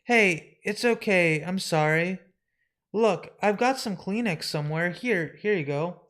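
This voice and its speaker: A man reading a comic book aloud live, voicing Death as a kind young woman who speaks gently and comfortingly. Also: sits high, measured pace.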